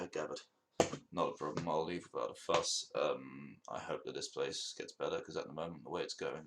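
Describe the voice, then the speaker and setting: A man's voice: rumbling low, gravelly, fairly bright tone. A young man hosting his own podcast, telling a long rambling story in a casual monologue, swearing and laughing at his own jokes. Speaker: podcast host.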